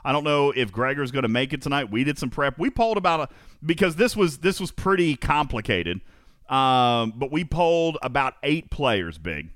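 Energetic male podcast host, lively and emphatic. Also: medium pitch, normal speed, no room sound, clean studio sound. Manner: energetic, emphatic, repeats phrases for effect. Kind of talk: live gaming podcast hosting.

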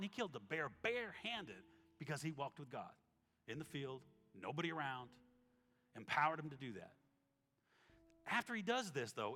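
A man preaching a sermon as pastor, telling stories with acted-out quotes and dropping to a soft tone when reading scripture. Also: a little high. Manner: animated storytelling, acts out quotes, drops to soft tones for scripture. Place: church sanctuary. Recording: reverberant hall with soft instrumental music.

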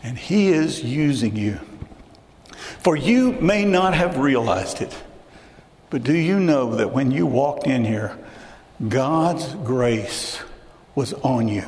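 A man's voice: medium pitch, animated, slow, long pauses, darkish tone. A man preaching a sermon as pastor, speaking earnestly and directly to the congregation and repeating phrases for emphasis. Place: church sanctuary. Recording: echoey hall with long reverb, faint hiss.

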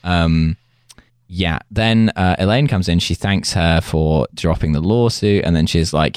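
A man's voice: sits low, a little slow, clear, resonant tone, no room sound. A man hosting a casual podcast, recapping a sitcom episode with dry, joking asides. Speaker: podcast host.

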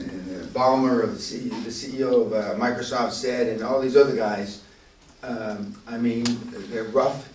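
Guy running a seminar, swears a lot, gets loud to make a point, roomy sound w a little hiss. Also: medium pitch. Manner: blunt, profane, rising to loud emphatic bursts. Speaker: seminar leader. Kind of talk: profane motivational seminar talk. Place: castle seminar room. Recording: echoey room, voice from far off.

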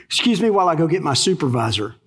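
A puzzled angel at heaven's gate, as a Texan preacher puts him on. He sounds bewildered and fairly high-voiced. The sound carries a long reverb from a large hall. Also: sing-song, quick pace, a bit bright, husky, full character voice.

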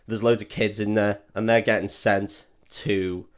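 A man's voice: fairly low pitch, level tone, measured pace. A man casually recapping a film, sweary and jokey. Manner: sweary, jokey, acts out characters in shouted put-on voices. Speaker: podcast host recapping a film. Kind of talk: casual chat.

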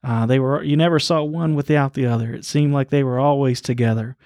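Man, podcast co-host, earnest halting storyteller, dry close mic, mid pitch. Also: steady tone, warm tone, no echo. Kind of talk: Bible study podcast conversation.

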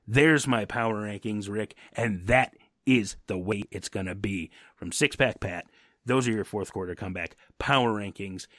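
A man's voice: fairly low pitch, moderate pace, a bit bright, no echo, studio quality. A man co-hosting a football podcast, ranting his opinions in a brash and profane way. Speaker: podcast co-host. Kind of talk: casual sports podcast rant.

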